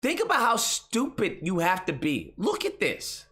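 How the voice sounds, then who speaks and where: A man's voice: high-pitched, huge pitch swings, unhurried, bright, forceful tone. A man hosting a political commentary stream, ranting in an exasperated, mocking, profane way.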